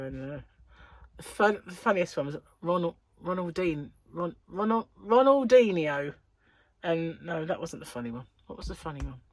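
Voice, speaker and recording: A woman's voice: low voice, a little mellow, dry recording. A woman hosting a casual vlog, chatty and rambling, laughing at her own jokes, with a slightly stuffy nose. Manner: chatty, rambling, self-mocking, laughs often. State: stuffy nose, about to sneeze. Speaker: crochet vlogger, host. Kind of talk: casual chat to camera.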